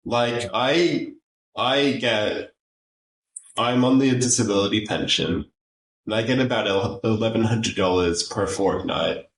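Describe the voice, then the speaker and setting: Low-voiced man, laid-back chat. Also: measured pace, reverberant, slight background noise, low-quality recording. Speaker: guest. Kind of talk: casual chat.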